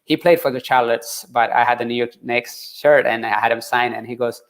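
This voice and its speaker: A man telling his story in an interview, earnest and halting, with many fillers and restarts. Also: mid-range voice, fairly even intonation, fairly bright tone. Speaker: interview guest, marathon runner. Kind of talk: conversational interview.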